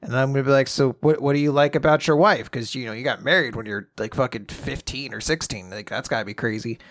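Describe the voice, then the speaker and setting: A man's voice: medium pitch, fast. A man co-hosting a podcast, telling stories with animation and acting out imagined conversations. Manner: animated storytelling, acts out scenarios. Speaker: podcast co-host. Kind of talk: casual podcast chat.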